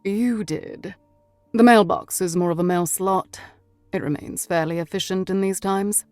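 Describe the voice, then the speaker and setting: A woman voicing a mysterious, elegant, gaunt man in his forties or fifties who speaks with a purring British accent and calm courtesy. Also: medium pitch, unhurried, no room sound, faint music behind, close to an everyday voice.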